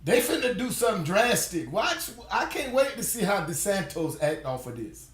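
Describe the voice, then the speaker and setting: A man with a fairly high voice rants through a casual reaction commentary, laughing as he talks and mockingly repeating words back. His voice rings a little in an echoey room. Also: very animated, moderate pace, slight background noise. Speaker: commentary vlogger reacting to a news clip. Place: home in Florida.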